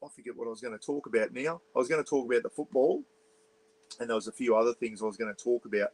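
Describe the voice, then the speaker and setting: An Australian man runs an offhand, rambling livestream from inside a small caravan, talking into an iPad. He greets viewers by name and reads out their comments. He keeps his voice a bit low so he doesn't disturb the neighbours. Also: steady tone, very fast, a little mellow, poor audio. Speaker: livestream host. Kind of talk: casual livestream chat.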